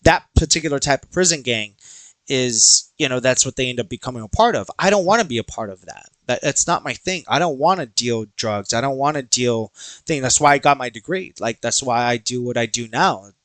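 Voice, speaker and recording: A man's voice: mid-range voice, brisk, no echo. A young man hosting a podcast, telling a personal story casually, acting out quoted voices and swearing freely. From Texas. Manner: animated, acts out quoted dialogue, swears freely. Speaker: podcast host.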